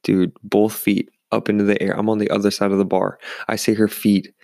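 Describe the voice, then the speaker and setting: Man, ex-bartender storyteller, low voice with fry, dry studio sound, animated. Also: a little fast, dry recording. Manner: rambling and animated, with many restarts. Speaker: former bartender telling stories. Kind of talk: casual storytelling. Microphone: studio microphone.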